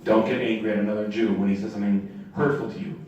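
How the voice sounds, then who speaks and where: A man giving a sermon as a rabbi, telling stories and acting out the people in them with lively swings in voice. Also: lowish voice, quick pace, lo-fi sound, a little hiss or hum. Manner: animated storytelling, acting out quoted characters. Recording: echoey room from a distant mic.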